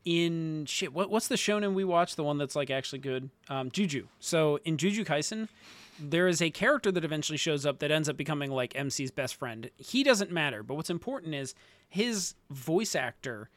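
A man's voice: a little high, expressive, normal speed, fairly bright tone, dry recording. A young man co-hosting a podcast in casual chat, rambling through explanations and correcting himself as he goes. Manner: rambling, self-correcting explanations with frequent likes. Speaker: podcast co-host.

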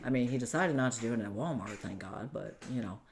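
A woman giving emotional personal testimony as an interview guest, in a halting, urgent way with a steady stream of "you know". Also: extremely low pitch, very noisy. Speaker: interview guest telling her own story.

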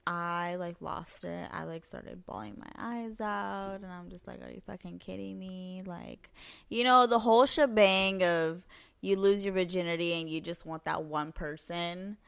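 A woman's voice: lowish voice, unhurried, gravelly, fairly bright tone, clean tone. A young woman co-hosting a podcast, telling personal stories in casual chat, full of "like" and "um". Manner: chatty storytelling, lots of "like" and "um". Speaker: podcast co-host.

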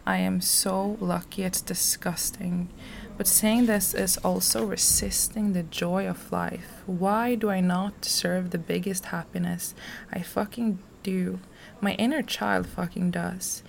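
A woman reading aloud from her personal journal, soft and slow, sometimes dropping to a whisper. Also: lowish voice, steady tone, vocal fry, slight background noise. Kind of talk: intimate journal reading, poetry-like.

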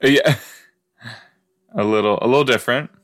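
A man with a medium-pitched, slightly bright voice talks at normal speed while hosting a casual watch-along podcast reacting to a sitcom. He's chatty and full of exclamations, frequently trailing off mid-thought.

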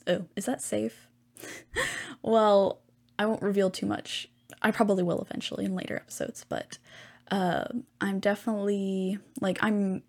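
Chatty teen girl rambling on her podcast. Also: medium pitch. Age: teens. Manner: rambling, filler-heavy, chatty. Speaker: podcast host. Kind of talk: casual podcast monologue.

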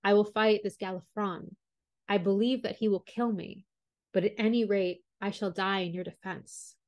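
An earnest young prince from a fairy tale, read by a woman, devoted and a little gloomy. He speaks at a middle pitch, sincerely and without fuss. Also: steady tone, normal speed, no room sound, lightly acted.

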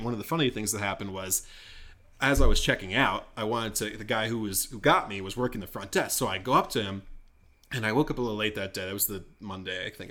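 A young man co-hosting a casual podcast, telling a story with frequent laughs and acted-out quotes. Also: fairly low pitch. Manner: animated storyteller, laughs often, acts out quoted dialogue. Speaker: podcast co-host.

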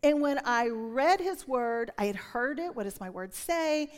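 A woman in her sixties preaching a sermon with a personal testimony, telling her story in an animated way and dropping to a whisper when she quotes. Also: high-pitched, a little slow, smooth. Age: 60s. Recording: long reverb of a large hall.

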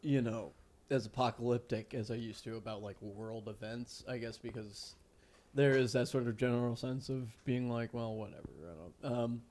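A man's voice: mid-range voice, steady tone, moderate pace, darkish tone. A man co-hosting a casual podcast, rambling offhandedly and swearing. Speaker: podcast co-host.

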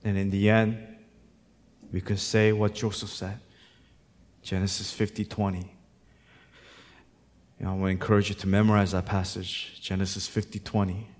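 A man preaching a sermon as pastor. He moves between hushed, reflective passages and loud, fervent, repetitive exhortation. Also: fairly low pitch. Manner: emphatic repetition.

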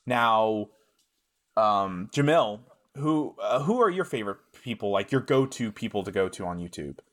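A man's voice: fairly low pitch, expressive, moderate pace. A man co-hosting a podcast, rambling casually with lots of asides and filler words. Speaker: podcast co-host. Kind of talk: casual chat.

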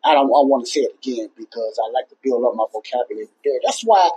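A man's voice: mid-range voice, animated, quick pace, warm tone, breathy edge, dull audio. A man hosting a casual Christian talk show, rambling and repeating himself in an earnest, plainspoken way. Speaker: Christian podcast host. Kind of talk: casual faith talk to listeners.

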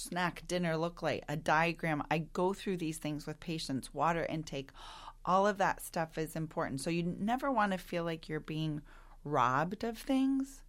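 A woman doctor in casual talk show chat, chiming in often with short agreeing remarks. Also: fairly low pitch.

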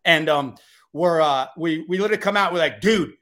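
A man speaking as a podcast guest in casual chat, telling a story with lively energy. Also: on the high side, fairly quick.

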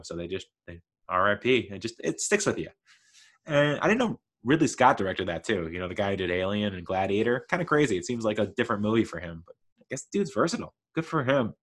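A man's voice: on the low side, fairly bright tone. A man casually talking through favorite scenes, rambling with lots of fillers and restarts. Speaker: host. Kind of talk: casual movie talk.

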